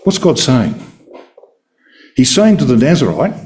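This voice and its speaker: A man's voice: a little slow, pauses often. A man giving an expository Bible talk, emphatic and full of rhetorical questions. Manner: emphatic, rhetorical questions, lively swings in pitch. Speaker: Bible study speaker.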